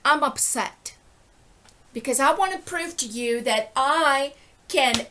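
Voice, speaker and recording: A woman's voice: sits high, lively intonation, takes it slowly, bright, forceful tone. A middle-aged woman giving an impassioned, rambling personal monologue, indignant and often breaking off to ask "okay?". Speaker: vlogger.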